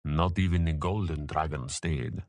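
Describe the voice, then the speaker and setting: A man voicing a powerful, caring grown man who speaks softly, proudly and gravely in a storybook. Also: very deep voice, moderate pace, dry recording. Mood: solemn.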